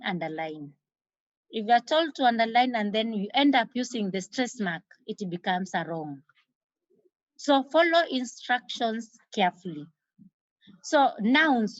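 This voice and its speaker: Slow, emphatic Kenyan woman teacher. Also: fairly high pitch, sing-song, dry recording. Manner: repeats key terms slowly for emphasis. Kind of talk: exam revision lesson. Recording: dull lo-fi recording.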